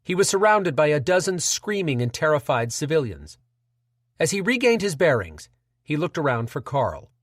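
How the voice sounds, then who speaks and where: A male audiobook narrator reads with measured, dramatic weight. His voice sits slightly high for a man. The sound is dry and close, with no room around it. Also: big pitch swings, no room sound.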